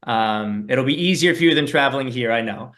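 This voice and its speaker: A man answering fan questions in a relaxed, thoughtful casual chat over a video call, with plenty of fillers. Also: medium pitch, a little fast. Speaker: guest musician meeting fans.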